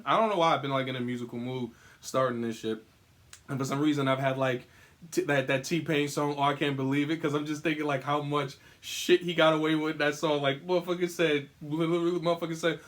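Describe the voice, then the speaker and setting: A young man hosting his own podcast from a room at home, talking in a profane, animated and rambling way. He is still recovering from an illness and sometimes breaks into singing. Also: on the high side, brisk. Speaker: podcast host. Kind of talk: casual solo podcast monologue.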